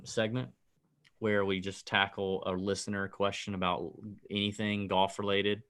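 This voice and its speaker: A man's voice: fairly low pitch, smooth. A middle-aged man co-hosting a casual betting podcast, telling a rant with lots of energy. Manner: animated ranting storyteller. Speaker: podcast co-host.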